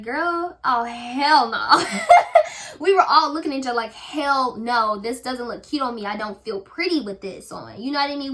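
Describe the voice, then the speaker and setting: A young woman talks straight to her viewers in a storytime vlog, and her voice sits a little high and rings bright. She is candid and lively, slipping into other people's voices as she acts out what they said. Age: young adult. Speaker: vlogger.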